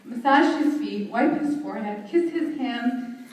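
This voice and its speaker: A young woman delivering a heartfelt, measured eulogy at a memorial service, recorded from a distance in a large hall. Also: on the high side, lively intonation, a little mellow. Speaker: daughter giving a eulogy. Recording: very echoey hall, voice from far off.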